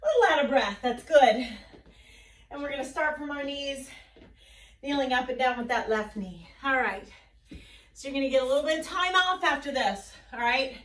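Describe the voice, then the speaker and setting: High-voiced woman coaching a workout. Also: normal speed, fairly bright tone, distant mic. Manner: encouraging, counts down and cheers. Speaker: fitness instructor. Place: basement at home. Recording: roomy echo, voice a bit off-mic.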